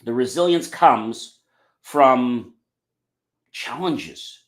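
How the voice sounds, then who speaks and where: A man delivers a motivational podcast talk in an emphatic, audience-addressing manner. His pitch moves in lively swings around a middle level. The room around him adds a noticeable echo. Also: drawn-out words. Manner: emphatic, repeats "okay" and "ladies and gentlemen". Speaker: podcast host. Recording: roomy echo.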